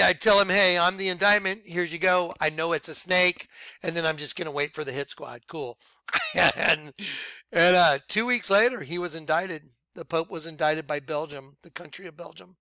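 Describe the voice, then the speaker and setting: A man leading a ministry, preaching informally in an animated way, laughing and swinging between loud outbursts and quiet asides. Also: on the high side, gravelly, no room sound, clean studio sound. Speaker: ministry leader.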